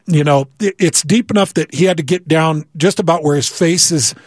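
A man recounting a personal story in an animated way, stumbling and repeating words as he builds the scene. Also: on the high side, normal speed, no echo, studio quality. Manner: vivid, repeats words, acts out quoted voices. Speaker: guest telling a story.

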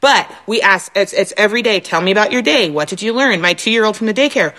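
A woman on a talk show, a mother sharing stories about her children in a chatty, animated way. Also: mid-range voice, quick pace, poor audio. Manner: animated, acts out her kids' voices. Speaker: guest mother. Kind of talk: casual chat.

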